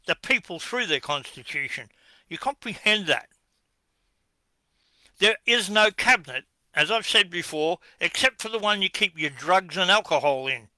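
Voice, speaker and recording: Australian man with a high, bright voice, combative monologue, dry close sound, answers his own questions. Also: no echo. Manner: combative, accusing, rhetorical questions. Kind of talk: ranting address to camera.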